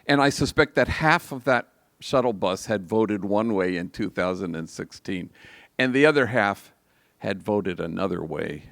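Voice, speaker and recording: A man's voice: lowish voice, expressive, a bit bright, no echo. An older man, a priest, telling a story in a reflective homily at a live liturgy. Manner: slow, reflective, gravelly delivery.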